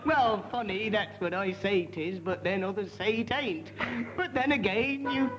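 A man's voice: high-pitched, takes it slowly, highs cut off. A man, a comedy panelist making up playful verse and giggling through it. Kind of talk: improvised comic verse. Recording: noisy live audience recording.

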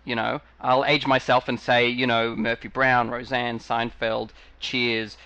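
A man chatting as a podcast guest, his voice bright and forward. He talks with a dry, deadpan wit, and the recording sounds a bit dull and lo-fi. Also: mid-range voice, unhurried, no room sound. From Australia. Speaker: guest, writer and comedian. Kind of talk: casual podcast conversation.

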